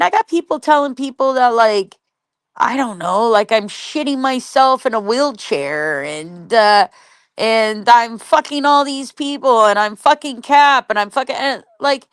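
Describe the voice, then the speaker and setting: A woman's voice: fairly high pitch, fairly bright tone, smooth, no room sound, studio quality. Blunt, foul-mouthed woman livestreamer. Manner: blunt, profane, rambling; greets viewers and reads the chat. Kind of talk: casual livestream chat.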